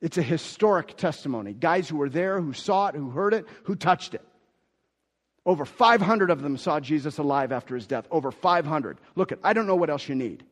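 A man's voice: on the high side, lively intonation, fairly quick. Emphatic preacher man in a reverberant hall. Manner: emphatic preaching that swings from quiet asides to loud declarations; repeats key phrases for emphasis. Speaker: pastor. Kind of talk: sermon.

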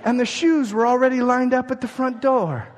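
A man preaching a sermon in an animated way, acting out everyday scenes and swinging between loud outbursts and hushed asides. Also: very high voice, normal speed. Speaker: pastor. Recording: long reverb of a large hall.

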